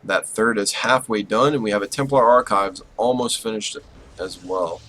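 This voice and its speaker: Low-voiced man casting a strategy game. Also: moderate pace, slight background noise, rough recording. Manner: casual and self-deprecating, bursts of excitement during fights. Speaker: esports caster. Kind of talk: live game commentary.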